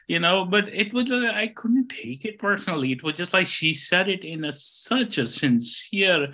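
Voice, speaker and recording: A middle-aged man from India sharing a story in a casual group talk, halting and self-deprecating, laughing at himself. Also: high voice, bright, forceful tone, rough recording. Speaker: sangha member being appreciated.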